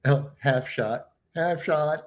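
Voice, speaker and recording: A man's voice: fairly high pitch, slow. A man in loose, playful conversation on a birthday livestream, often laughing and repeating lines back for fun. He drifts in and out of silly put-on accents between casual remarks. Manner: frequent laughter, repeats others' words. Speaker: livestream co-host.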